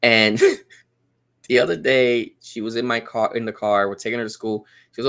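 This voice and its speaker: A man's voice: mid-range voice, normal speed, creaky. A man telling a family story in casual podcast chat, acting out the quotes. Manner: animated storyteller, acts out quotes. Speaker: guest.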